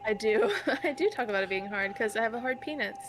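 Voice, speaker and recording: A woman's voice: on the high side, fast. A woman hosting a stream, chatting in a laid-back, giggly way. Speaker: streamer host. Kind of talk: casual stream chat. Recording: noisy stream audio.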